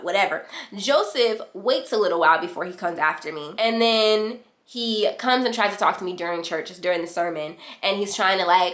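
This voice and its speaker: An animated young woman tells a personal story to her camera, slangy and lively, slipping into other people's voices as she goes. Her voice sits in a middle pitch and bounces in the small room around her. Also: moderate pace. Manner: animated, slangy, acts out quotes. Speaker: vlogger. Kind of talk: storytime chat. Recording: echoey room.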